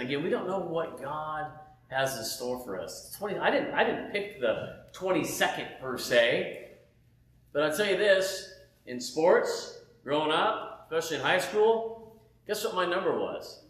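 A man giving a casual, animated sermon testimony from home, often saying "man" and "right?". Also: fairly high pitch, moderate pace, echoey room, slight background noise. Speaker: preacher.

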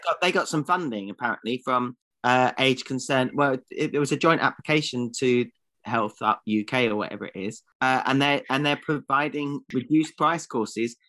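A man's voice: medium pitch, normal speed, bright, forceful tone. A man co-hosting a comedy podcast, answering with defensive, sarcastic jokes. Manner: defensive, sarcastic jokey replies. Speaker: podcast co-host.

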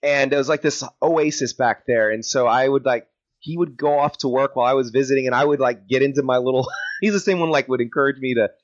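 A man talking as a podcast guest in relaxed, casual chat. His voice is middle-pitched and comes through a little dull and lo-fi. He rambles, trips over restarts and laughs easily. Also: fast talker. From South Texas. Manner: rambling, many fillers and restarts, giggly. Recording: dull lo-fi sound.

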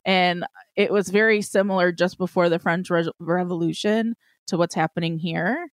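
A woman's voice: on the low side, steady tone, normal speed, dry recording. A woman in casual chat, blunt and frustrated, swearing now and then.

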